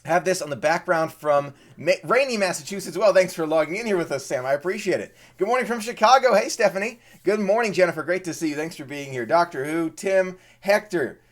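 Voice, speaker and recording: A man from Maryland hosting a live stream, casually chatting and greeting viewers. He sounds eager and excitable and often repeats words. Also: high-pitched, brisk, few pauses.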